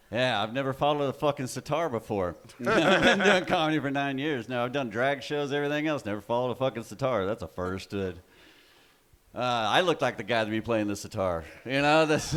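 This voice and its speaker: A man's voice: mid-range voice, lively intonation, normal speed, a bit bright. A man in his forties from West Texas with a Texan accent, doing a loose, profane stand-up set on a club stage and laughing at his own jokes. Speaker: stand-up comedian.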